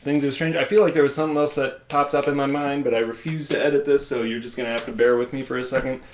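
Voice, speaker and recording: A man's voice: medium pitch, flat delivery, quick pace, slight background noise. A man hosting a casual solo podcast from a room at home, rambling and self-deprecating. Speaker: podcast host.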